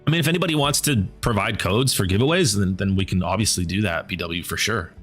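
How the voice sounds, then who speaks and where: A man streaming a game and chatting casually with viewers, rambling and repeating words as he thinks aloud, his voice going hoarse. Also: on the low side, fast, a bit bright, soft background music. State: losing his voice.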